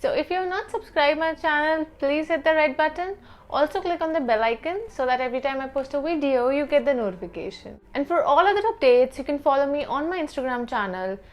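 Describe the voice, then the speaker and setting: A woman teaching a beginner language lesson, saying each phrase slowly and repeating it several times. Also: high voice. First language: not German.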